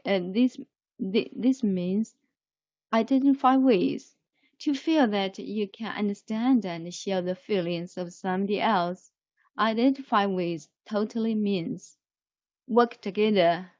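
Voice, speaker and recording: Woman teacher for an online vocabulary lesson, very slow and patient, dry, dull lo-fi sound. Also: medium pitch, no echo. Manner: slow, repetitive, explains word by word.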